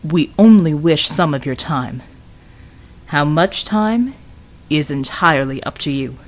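A woman voicing a calm, formal male recruiter who speaks courteously and gravely. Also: deep voice, a little slow, voice pushed down. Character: blunt recruiter man, calm and polite.

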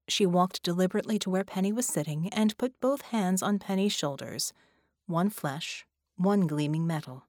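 A woman's voice: fairly low pitch, normal speed, darkish tone, no echo. Woman narrating an audiobook, dry sound. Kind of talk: scripted narration.

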